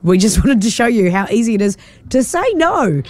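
A woman's voice: medium pitch, very animated, normal speed, a little mellow, dry recording. A woman with a New Zealand accent hosting a radio show from the studio, teasing and laughing in upbeat breakfast-radio chat. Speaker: radio host.

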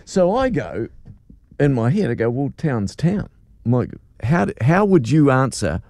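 A man's voice: mid-range voice, very animated, moderate pace, creaky, a little mellow, dry recording. An older man with a New Zealand accent, a radio breakfast host telling a story in chatty banter, laughing easily. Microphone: studio microphone.

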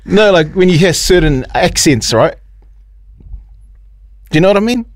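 A man co-hosting a radio show from a studio, telling stories in animated, casual banter. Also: moderate pace. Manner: animated storyteller, mimics others in a high voice. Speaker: radio co-host. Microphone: studio microphone.

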